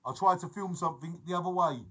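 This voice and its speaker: A man's voice: high voice, quick pace, background noise. A man, chatting casually and jokily on his live stream and greeting viewers by name. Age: 40s. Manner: chatty, jokey, reads out viewer names.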